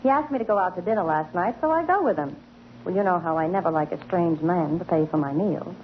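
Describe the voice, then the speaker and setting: An actress playing a brassy singing star who fires off sharp wisecracks, in 1940s radio comedy style, on a muffled old recording. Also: female voice, lowish voice, expressive, quick pace, slight background noise, natural voice. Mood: tart. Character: brassy female singing star, tart-tongued.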